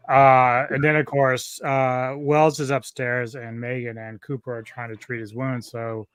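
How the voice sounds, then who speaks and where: A man's voice: mid-range voice, level tone, measured pace, clean tone, dry recording. A man, a podcast guest, chattily recapping film scenes in casual, profane talk. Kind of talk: casual movie discussion.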